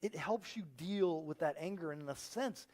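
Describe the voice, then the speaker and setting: A man's voice: fairly high pitch, normal speed. A man preaching a sermon as pastor, telling stories and acting out the people he quotes. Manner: animated storytelling, acting out quoted voices. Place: church auditorium.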